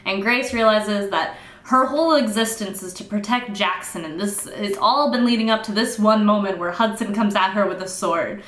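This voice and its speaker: A young woman recapping a novel in casual, sarcastic, exasperated chat, acting out the characters in quick asides. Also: medium pitch, fairly bright tone. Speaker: book reviewer. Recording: echoey room.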